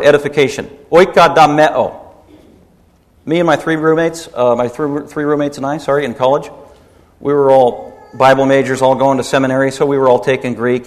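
A middle-aged man preaching a sermon as pastor, animated and rising into emphatic peaks. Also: mid-range voice. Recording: long hall reverb.

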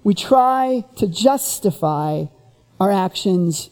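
A preacher giving a sermon, who retells the story in an animated way and keeps asking the listeners rhetorical questions. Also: mid-range voice, slow, big-room sound, soft background music.

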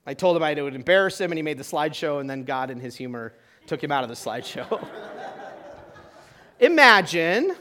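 A pastor preaching to his church in a conversational way, asking the room questions and swinging between loud emphasis and quiet, hushed lines. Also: a little high, big pitch swings, a little fast, pauses often, crowd noise. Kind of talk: sermon.

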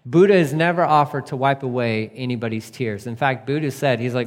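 A man preaching a casual, conversational sermon, moving from emphatic points to hushed, tender passages. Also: medium pitch, fairly quick, hardly any pauses. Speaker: pastor. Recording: long reverb of a hall.

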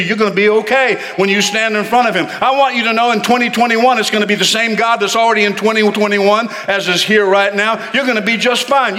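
A man preaching a sermon to his congregation in church, animated and calling on them to respond. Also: high-pitched, big-room sound. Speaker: pastor.

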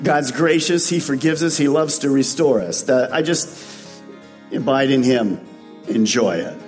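A man's voice: mid-range voice, measured pace, long reverb tail, over music. A man preaching a sermon as a pastor, earnest and rising to emphatic peaks.

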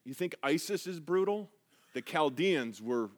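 A man preaching an earnest, conversational sermon, reading scripture slowly and with emphasis. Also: a little high, expressive. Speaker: pastor.

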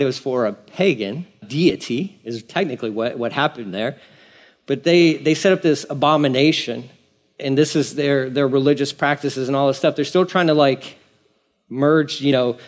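A man pastor preaching a conversational sermon, repeating phrases for emphasis. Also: mid-range voice.

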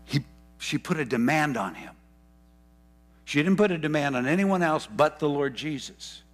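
A man's voice: on the high side, lively intonation, moderate pace, a little hiss or hum. A man preaching a sermon, fervent and repeating key phrases for emphasis, with rambling asides and self-corrections. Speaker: pastor.

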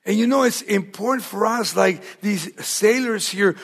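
Sex: man. Role: pastor. Style: verse-by-verse sermon. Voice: high and gravelly, emphatic, rising loud then dropping hushed. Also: unhurried, hardly any pauses. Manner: emphatic preaching, swinging between loud and hushed; asks the congregation rhetorical questions.

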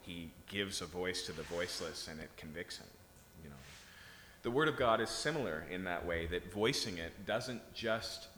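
In an echoey hall, a man with a low-pitched voice delivers a conversational sermon at a moderate pace, animated, bright, and forceful. He checks in with listeners often, and there's slight background noise.

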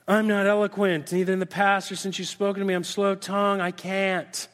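A middle-aged male pastor preaching a sermon, acting out lively back-and-forth dialogues with God. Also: high-pitched, fairly quick. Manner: animated, acts out dialogue with God in different voices. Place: church sanctuary. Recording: reverberant church hall.

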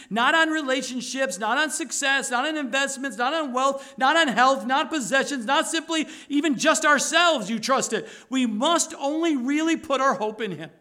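A man preaching a sermon with fervent urgency, repeating phrases for emphasis and sometimes dropping to a low, soft delivery. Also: normal speed, hardly any pauses. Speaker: pastor.

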